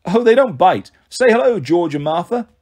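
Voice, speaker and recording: An easygoing, sly middle-aged god with a casual charm, read by a male narrator. The voice moves around a lot in pitch. It sounds a touch husky. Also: sing-song, normal speed. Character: relaxed, sly male messenger god in his forties.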